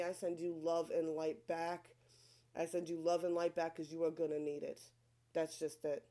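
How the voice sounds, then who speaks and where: A woman with a fairly low voice and a Long Island accent talks through a tarot spread. She speaks in a loose, chatty way, swears freely and keeps checking in with "right?" after her points. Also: level tone, normal speed, warm tone. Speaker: tarot reader. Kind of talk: casual tarot reading.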